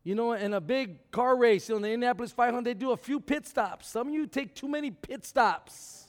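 Preacher guy, really high voice, big swings from shouting to murmuring, stammers and repeats, long church echo. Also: fairly quick. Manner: swings from shouting to low, quiet talk; repeats words, stammers on restarts. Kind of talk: sermon. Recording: long hall reverb.

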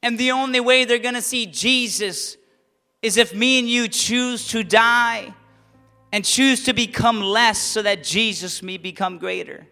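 Pastor, male, high bright tenor, impassioned sermon delivery, reverberant church hall. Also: a little slow, smooth, faint music behind. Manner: impassioned preaching, rising to near-shouts on key lines.

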